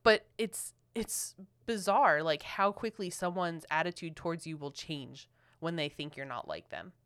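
Smooth-voiced woman telling a podcast story. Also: sits low, a little slow. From Philadelphia. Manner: animated, quotes people in lively voices. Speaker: podcast co-host. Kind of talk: casual storytelling chat.

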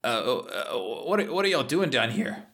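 A man's voice: medium pitch, very animated, moderate pace, gravelly, a bit bright. A nervous, stammering thief caught in his hideout, as a man plays him. His voice jumps around as he hedges and pleads. He stumbles over his words constantly. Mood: flustered. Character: nervous male thief hiding underground.

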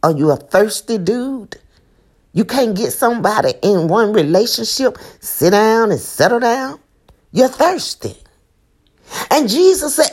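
A woman's voice: mid-range voice, huge pitch swings, unhurried, husky. A woman preaching an impassioned sermon, emphatic and repeating her lines with asides to the listeners.

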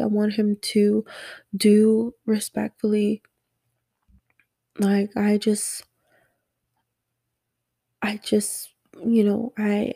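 A sleepy young woman musing softly and rambling in a late-night personal audio diary about being a mother. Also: medium pitch, no room sound. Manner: slow, rambling, soft-spoken, yawning.

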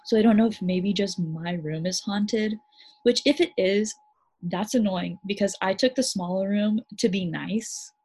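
A woman co-hosting a podcast, telling a story in a lively, laughing way. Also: medium pitch, a little slow, breathy edge. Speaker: podcast co-host. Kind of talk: casual chat.

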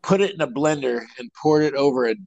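A man's voice: mid-range voice, fast, creaky, a little mellow, dry recording, lo-fi sound. A man co-hosting a casual comedy podcast, riffing and joking. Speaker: podcast co-host.

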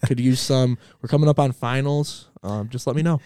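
A man's voice: mid-range voice, normal speed, warm tone, smooth, no echo, studio quality. A young man, a college student, chatting casually on a podcast, laid-back and laughing often. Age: young adult. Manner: laid-back, laughs often, loose filler-heavy phrasing. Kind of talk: casual chat.

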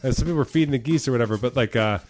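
A man's voice: medium pitch, racing, a little mellow, soft background music. Male comedy podcast co-host, casual rambling storyteller, profane, easy laugh.

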